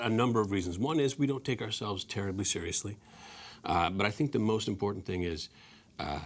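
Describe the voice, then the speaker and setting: A man in his forties, a guest actor in an interview, easygoing with many restarts. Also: fairly low pitch. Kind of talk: interview talk.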